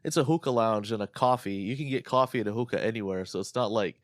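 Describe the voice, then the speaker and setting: A man's voice: on the low side, fast talker, no echo, studio quality. A man co-hosting a podcast, rambling and joking crudely in casual comedic chat. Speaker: podcast co-host.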